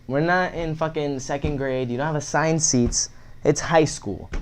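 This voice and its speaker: A man's voice: a little high, moderate pace, slight background noise. A young man, a podcast guest, telling a story in a casual, profane way with many fillers.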